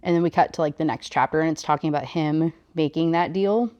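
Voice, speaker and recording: A woman's voice: low voice, fast, mellow, no echo, dull audio. A young woman recapping a novel in a casual, chatty book review, with lots of fillers and blunt asides.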